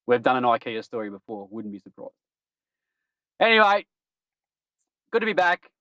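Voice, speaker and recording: A cheeky Australian man hosts a podcast and riffs on strange news stories, chuckling at his own jokes. His voice sits at an ordinary middle pitch and sounds dry, with no room around it. The stream audio is dull and lo-fi. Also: very animated, normal speed, sharp tone, no echo. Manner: cheeky, jokey, laughs at his own puns. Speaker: podcast host. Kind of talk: casual news-roundup chat.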